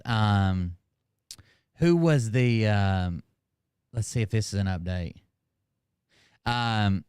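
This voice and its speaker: A man's voice: medium pitch, smooth, no room sound, studio quality. A man hosting casual reaction commentary, sarcastic and hesitant with ums. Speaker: commentary host.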